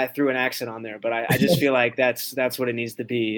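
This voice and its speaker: A man's voice: mid-range voice, flat delivery, fast talker, fairly bright tone. A man hosting a casual sports podcast interview, upbeat and chatty with loose banter. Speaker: podcast host.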